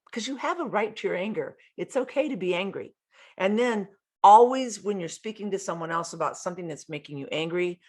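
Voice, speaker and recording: A woman hosting a self-help podcast, giving earnest, frank advice and swearing casually. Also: sits low. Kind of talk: motivational self-help talk.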